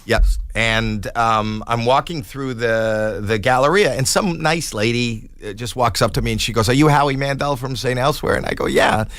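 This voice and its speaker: A man in his sixties, a podcast guest telling a comic story in an animated way and acting out the quoted voices. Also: mid-range voice, moderate pace, hardly any pauses, clear, resonant tone, no echo, clean studio sound.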